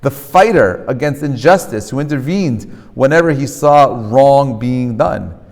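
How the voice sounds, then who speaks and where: Animated rabbi teaching in a hall. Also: male voice, medium pitch, unhurried, gravelly. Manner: animated, often checks in with "right?"; mixes Hebrew terms into English. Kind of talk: lecture to a live class. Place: lecture hall with a live audience.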